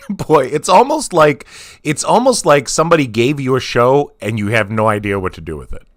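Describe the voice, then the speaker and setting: A man co-hosting a livestream chat teases the host and laughs often. His voice moves lively up and down at a middle pitch. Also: normal speed.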